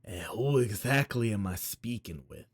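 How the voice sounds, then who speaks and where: A man voicing a menacing male crime syndicate boss in a low, hushed mobster drawl while reading game dialogue. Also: animated, normal speed, slightly rough, no room sound.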